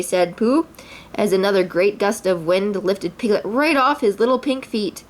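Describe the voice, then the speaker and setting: A woman's voice: medium pitch, normal speed. A woman reading a children's story aloud expressively, a mother voicing the characters.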